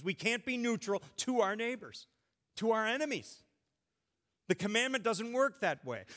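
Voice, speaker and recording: Preacher guy, kinda high voice, swings loud and soft, long echo in a church. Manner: emphatic preaching with big swings in pitch and volume. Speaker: pastor. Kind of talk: sermon.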